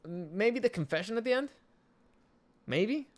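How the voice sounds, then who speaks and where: A man co-hosting a casual anime discussion, argumentative and excitable, often cutting in to make his point. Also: sits high. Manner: argumentative, excitable, quick to interrupt. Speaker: co-host.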